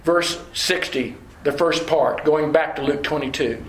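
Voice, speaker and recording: A male preacher delivers a sermon in a high voice, driving his points home through deliberate repetition. His words ring out in an echoey church room. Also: a little hiss or hum.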